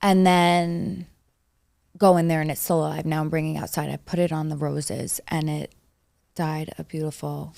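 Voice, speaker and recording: A woman's voice: low-pitched, normal speed, vocal fry, no echo, clean studio sound. A young woman co-hosting a podcast, telling stories in a casual chat with lots of "like" and acted-out quotes. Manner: animated storytelling, acts out quoted voices, many likes. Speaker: podcast co-host.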